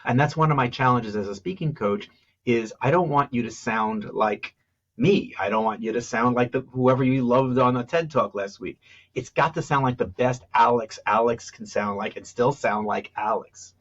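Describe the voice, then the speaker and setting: Husky-voiced man coaching on public speaking. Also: normal speed, highs cut off. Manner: animated, demonstrates stress and pitch on example phrases. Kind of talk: podcast interview.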